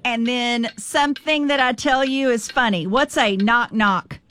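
A woman hosting a word-guessing game on a radio show, animated and laughing as she gives clues. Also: a little high, measured pace. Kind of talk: radio game segment, playful banter.

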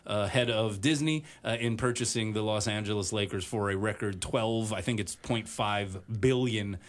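A man hosting a sports talk radio show in a relaxed, conversational way. He pauses often and fills the gaps with hesitant uhs and ums. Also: fairly low pitch. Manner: many filler uhs and pauses.

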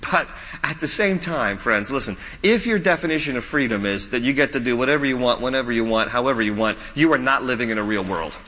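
A man's voice: mid-range voice, lively intonation, fast talker, sharp tone. A middle-aged male pastor preaching a conversational sermon to his congregation, repeating phrases, asking questions and telling personal stories. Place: church sanctuary. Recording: reverberant church hall.

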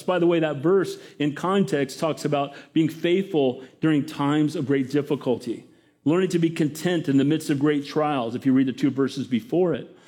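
Man, sermon, fairly high voice, lively, questions to the congregation. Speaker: pastor.

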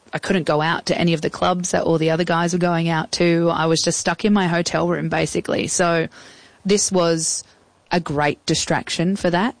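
This interview guest, an Australian woman in her thirties, has a low voice captured on a rough recording with no echo. She chats freely, telling casual stories and voicing old phone calls as quotes.

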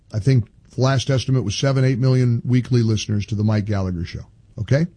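An older man hosts a talk radio show with a mellow, slightly husky voice. He talks emphatically, doubling back on his words as he builds. The sound is close and dry. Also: medium pitch, no echo. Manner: animated, emphatic, repeats himself.

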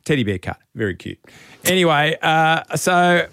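Creaky-voiced Australian man telling a story. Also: normal speed, no room sound. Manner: animated, self-mocking, imitates beeps in a high voice. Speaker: radio co-host. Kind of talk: casual storytelling chat.

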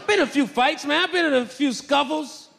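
A young adult man doing stand-up, telling self-mocking stories loudly and acting out voices. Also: extremely high pitch, a little fast, vocal fry. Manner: loud, animated, self-mocking, acts out voices. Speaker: stand-up comedian. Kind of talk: stand-up storytelling. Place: stage in a large hall. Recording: live hall with long reverb.

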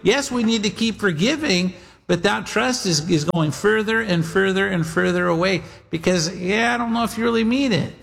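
Rich: A man preaches with a notably high voice, leaning into plain conversational talk, repeating himself and addressing the congregation directly. His words ring out with a long reverb tail, as in a large hall. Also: normal speed, gravelly, fairly bright tone. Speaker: pastor. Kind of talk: sermon.

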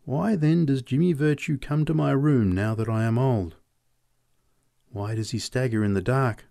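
A man reading short stories aloud in a measured storytelling manner. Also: gravelly, no echo, clean studio sound. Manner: measured storytelling, lively pitch. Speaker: reader. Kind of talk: audiobook narration.

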